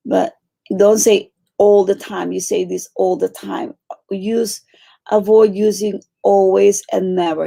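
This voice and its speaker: A woman teaching a meditation class, coaching her students gently and repeating phrases for emphasis. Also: mid-range voice, little pitch movement, slow pace, gravelly. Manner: warm coaching, repeats phrases, acts out quoted pleas.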